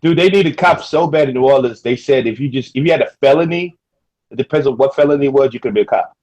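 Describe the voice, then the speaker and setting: A man's voice: medium pitch, fast, a little mellow, poor audio. A man from Louisiana chatting casually over a video call, rambling and repeating himself in slangy talk.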